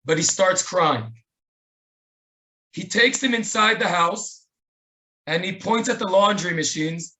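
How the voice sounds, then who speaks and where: A man's voice: sits high, sharp tone. A man with an Israeli accent, speaking at a remembrance webinar and telling stories earnestly with quoted dialogue. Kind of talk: storytelling tribute. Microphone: webinar microphone.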